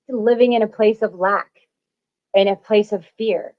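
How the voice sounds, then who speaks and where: A woman's voice: mid-range voice, steady tone, unhurried. A woman hosting a spiritual talk, speaking emphatically and repeating herself, swearing freely as she encourages listeners. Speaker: spiritual channel host. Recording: dull lo-fi audio.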